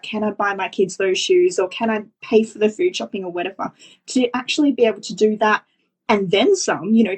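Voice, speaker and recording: Woman podcast host, breathy voice, warmly affirming, chatty and full of fillers. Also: medium pitch. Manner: enthusiastic, affirming, many fillers like "you know". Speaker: podcast host, business coach. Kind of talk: casual podcast conversation.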